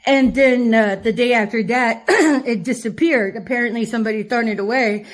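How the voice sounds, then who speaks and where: A woman's voice: a little high, steady tone, moderate pace. A woman telling a rambling story in a casual vlog, laughing often and swearing freely. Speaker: vlogger. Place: her cousin's home.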